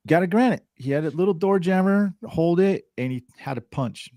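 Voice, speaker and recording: A man, a podcast guest, telling a lively and casual story, swearing and acting out the voices of the people in it. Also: high voice, normal speed, no echo, clean studio sound. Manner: animated, swearing, acts out voices.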